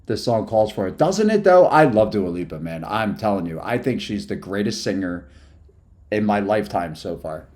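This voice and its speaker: A man's voice: on the low side, moderate pace, a little mellow. A man chatting casually on a live stream, hyper and rambling from topic to topic after no sleep. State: sleep-deprived.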